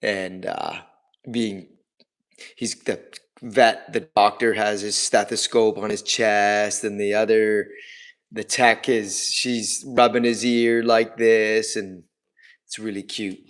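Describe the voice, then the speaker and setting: A man's voice: fairly low pitch, little pitch movement, slow. A man hosting a casual livestream from his home kitchen, rambling chattily and talking to his pets along the way. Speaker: livestream host.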